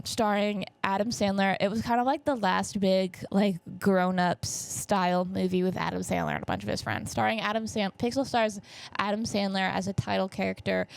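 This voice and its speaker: A woman's voice: mid-range voice, gravelly, darkish tone, no echo. A young woman in her twenties hosting her own podcast, chatting casually and rambling about movies with plenty of fillers and asides, her nose a bit stuffy. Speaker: podcast host. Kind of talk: casual solo podcast recap. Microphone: camera setup.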